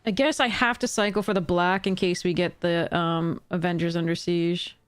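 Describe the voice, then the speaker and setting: A woman commenting on her own card game, exasperated and swearing, with sudden high-pitched outbursts. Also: fairly even intonation, moderate pace, clean tone. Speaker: streamer playing a card game. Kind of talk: frustrated gameplay commentary.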